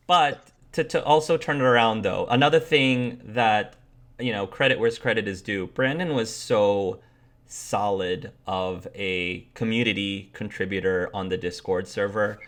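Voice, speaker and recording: A man's voice: on the low side, a little slow, a bit bright. A man hosting as game master, chatting casually and giving earnest, emphatic praise to his players. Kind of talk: casual chat.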